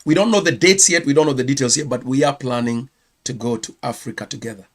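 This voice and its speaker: A Kenyan man with a Kenyan accent and a mid-range voice hosts a casual ministry news roundup. He's chatty and quick to correct himself.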